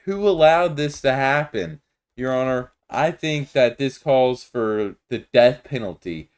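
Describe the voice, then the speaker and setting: A man's voice: mid-range voice, a little mellow, natural voice. A man voicing a zealous, pompous male prosecutor in a Minecraft roleplay, announcing in a theatrical, emphatic way.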